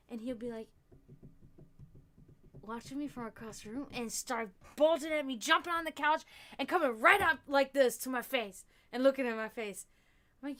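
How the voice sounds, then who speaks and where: High-voiced chatty woman livestreamer. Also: lively intonation, measured pace, long pauses, pushed and bright. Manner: chatty, laughs often, thanks viewers. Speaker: livestream host. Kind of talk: casual livestream chat.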